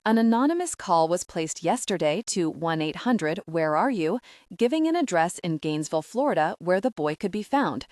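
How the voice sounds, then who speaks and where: A woman's voice: lowish voice, expressive, normal speed, a little mellow, dry recording, studio quality, lightly acted. A woman reading the part of a humorless, disapproving male FBI agent in an audiobook. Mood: stern. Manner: clipped, disapproving.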